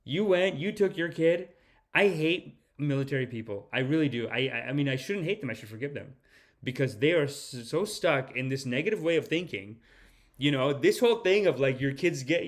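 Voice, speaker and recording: A man's voice: fairly high pitch, lively intonation, normal speed. A man hosting a podcast, reacting to clips in a casual, joking, profane way. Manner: joking, profane, laughing often. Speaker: podcast host.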